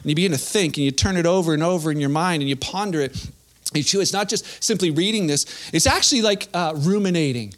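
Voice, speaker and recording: A young man with a high voice preaches in a loose, chatty way, slipping into playful little acted-out bits. His delivery feels like talking with friends rather than lecturing. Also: fast, fairly bright tone. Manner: casual, conversational preaching with playful acted-out asides. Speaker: pastor. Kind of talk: sermon.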